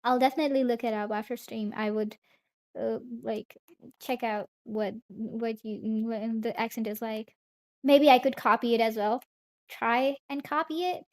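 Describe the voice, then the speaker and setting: A woman's voice: fairly high pitch, steady tone, normal speed. A young woman from India, streaming and chatting casually, rambling as she answers chat messages aloud.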